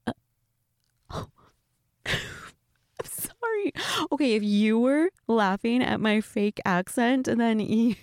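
A woman's voice: a little high, a little slow, a little mellow, no room sound, clean studio sound. Giggly woman chatting to a friend. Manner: giggly, keeps laughing and restarting. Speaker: storyteller talking to a friend. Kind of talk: one-sided role-play chat.

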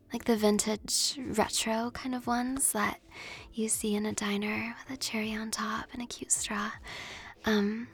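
Young woman, ASMR host, whispered ASMR chat, slow and airy, breathy, faint music behind. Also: fairly high pitch. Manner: rambling, giggly, with frequent ums.

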